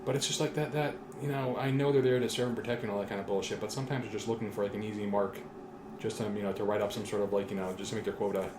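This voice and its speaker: A man's voice: on the low side, fairly even intonation, racing. A man chatting casually as a podcast co-host, blunt and swearing freely. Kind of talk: casual chat. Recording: echoey room with clear background noise.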